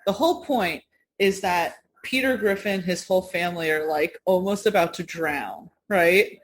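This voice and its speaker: A woman's voice: fairly low pitch, moderate pace. Chatty rambling woman podcast co-host. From United States. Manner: rambling, laughs often, swears casually. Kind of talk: casual chat.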